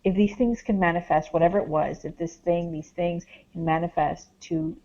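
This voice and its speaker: A woman with a low, mellow voice tells her experiences as a guest, rambling and filling her sentences with "like" and "um". The recording sounds dull and muffled, a little lo-fi. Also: fairly even intonation, normal speed. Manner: rambling, heavy on "like" and "um". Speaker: guest, paranormal investigator. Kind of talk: casual podcast chat, storytelling.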